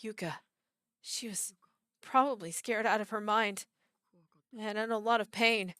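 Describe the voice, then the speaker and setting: A woman putting on a troubled teenage schoolboy from a horror game, speaking in a lowered, hushed tone. The voice is bright and tight underneath, and the sound is dry and close with no room around it. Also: fairly even intonation, unhurried, clear, resonant tone, dry recording, natural voice. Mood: guilty, hushed. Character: troubled teenage schoolboy, guilt-ridden and angry. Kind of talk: reading game dialogue aloud.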